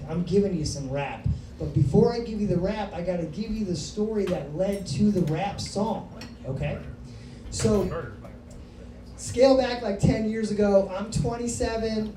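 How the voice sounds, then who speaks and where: A woman's voice: on the low side, noisy background. Brash profane woman doing stand-up. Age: 30s. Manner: brash, profane, hyped-up storytelling. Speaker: stand-up comedian. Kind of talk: stand-up storytelling. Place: comedy club stage. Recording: roomy club sound from a distance.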